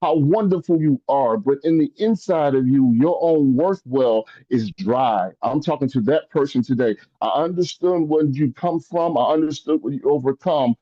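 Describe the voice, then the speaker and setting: A man's voice: normal speed, hardly any pauses, no echo. Impassioned male motivational speaker, dry lo-fi. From rural upbringing. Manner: preacherly, rising to high emphatic pitch, repeats phrases.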